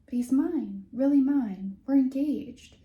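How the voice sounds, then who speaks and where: A woman's voice: high-pitched, takes it slowly, muffled recording, voice pushed up. Lovestruck teenage girl, read by a woman, earnest, echoey room. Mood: giddy.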